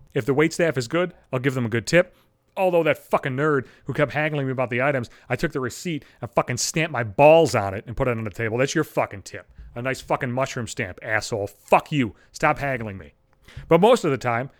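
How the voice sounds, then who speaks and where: A man rattles off a casual, rambling solo podcast monologue at a quick clip. His voice sits a little high, and swear words pepper nearly every sentence. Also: a bit bright. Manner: rambling, heavy profanity. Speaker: podcast host.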